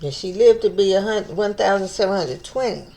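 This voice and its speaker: A woman with a warm, mid-range voice, speaking a little fast, leads an informal Bible study. She reads scripture aloud, pauses to think it through out loud, stumbles over old names, and repeats phrases as she works things out.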